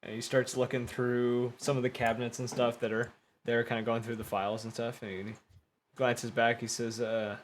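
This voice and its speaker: A man's voice: mid-range voice, flat delivery, moderate pace. Game master guy narrating, chill, lots of kinda and um, mid voice, bit of hiss behind.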